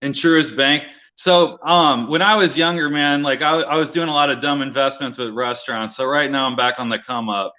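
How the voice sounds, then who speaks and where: A man's voice: mid-range voice, fairly even intonation, normal speed, few pauses, bright, forceful tone. A man calling in as a mortgage broker, pushing his event and defending himself. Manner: pushy, defensive salesman. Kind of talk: call-in pitch.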